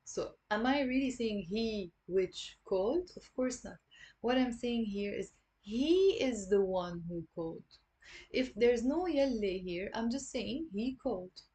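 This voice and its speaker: A young woman with a Lebanese accent giving an online Arabic lesson, patiently repeating words slowly for learners. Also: a little high, lively intonation, warm tone.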